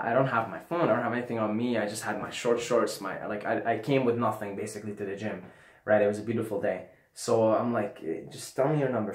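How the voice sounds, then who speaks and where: A young man casually telling a trip story on his vlog, animated and swearing, sometimes dropping to a mumble. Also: on the low side. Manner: animated, swearing, drops to mumbling and whispers when quoting himself. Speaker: vlogger. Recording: echoey room.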